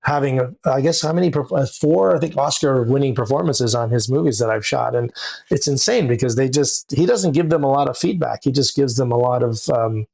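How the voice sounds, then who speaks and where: A man's voice: mid-range voice, fairly quick, creaky, husky. A man, a camera operator and director, talking casually in a podcast interview and telling stories from the set. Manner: relaxed storytelling, acts out quoted dialogue.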